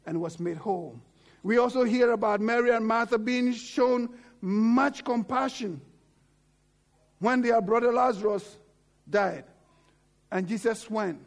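A man preaching a sermon, fervent and exhorting, repeating phrases to drive points home. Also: sits high. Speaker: pastor.

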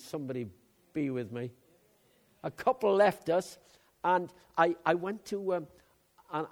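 An older man from Wales preaching a sermon, swinging between loud emphatic outbursts and quiet asides. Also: a little high. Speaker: pastor.

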